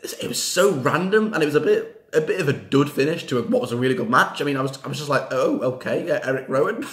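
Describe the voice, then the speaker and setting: Man, slightly high voice, rambling excitable vlog chat, echoey room. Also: fast. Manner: excitable, rambling, frequent fillers and repeats, bursts of cheering. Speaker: wrestling reaction vlogger. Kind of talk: excited casual reaction chat.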